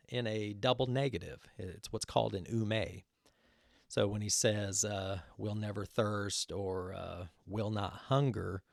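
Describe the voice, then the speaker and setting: A man's voice: fairly low pitch, gravelly, no echo, clean studio sound. A man giving an earnest Bible teaching talk, explaining verses with frequent fillers.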